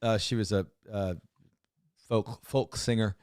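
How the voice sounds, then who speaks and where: A man co-hosting a casual podcast, his speech smooth and resonant. He rambles and repeats himself, with joking, sarcastic asides, and the studio sound is close and dry. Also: fairly low pitch, fairly even intonation, a little slow, a little mellow, no echo. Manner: rambling, repeats words and restarts often. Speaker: podcast co-host. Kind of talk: casual chat.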